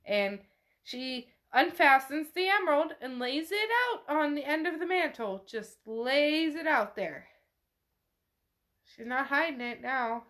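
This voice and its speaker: A woman's voice: sits high, lively intonation, measured pace, a bit bright. A woman podcast host casually retelling a novel chapter, chatty and swearing freely as she narrates what the characters do. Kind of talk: casual book recap.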